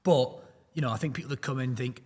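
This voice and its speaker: A man's voice: medium pitch, fast talker, darkish tone, breathy edge, big-room sound. A man from a prop trading firm, talking bluntly and motivationally in a casual roundtable chat, with joking asides. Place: studio.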